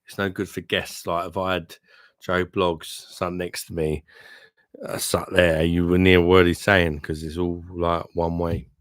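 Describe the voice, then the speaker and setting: A man with a very low voice hosts a relaxed beer livestream from a room at home. He banters loosely and reads out comments from his viewers. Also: unhurried, clear, resonant tone. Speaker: beer review livestream host. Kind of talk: casual livestream chat.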